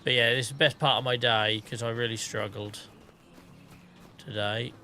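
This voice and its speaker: A man's voice: medium pitch, fairly even intonation, normal speed, pushed and bright, slight background noise. A tired man with a headache, casually chatting to his live-stream viewers while playing, thinking aloud and swearing now and then. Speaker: game streamer.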